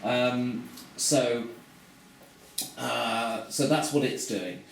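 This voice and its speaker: A man runs a tabletop game as game master, describing the action and checking rules with plenty of fillers. He sits away from the mic, and the room rings with heavy echo under steady noise. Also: medium pitch, very slow, creaky. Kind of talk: running a tabletop game live. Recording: echoey room, far from the mic, noisy.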